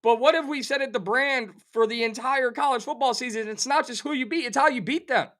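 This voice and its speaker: A middle-aged man hosting a sports talk show, delivering an animated, sarcastic rant of theatrical outrage about a football game and a bet. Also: very high-pitched, a little fast. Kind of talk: fired-up sports betting rant.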